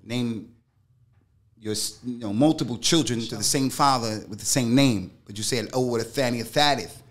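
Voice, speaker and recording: A middle-aged man, a religious scholar, speaking as a podcast guest. His voice sits at an ordinary pitch for a man. He tells a personal story in loose, slangy speech and restates lines for emphasis. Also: moderate pace. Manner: emphatic and slangy, repeats phrases for weight. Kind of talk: interview storytelling.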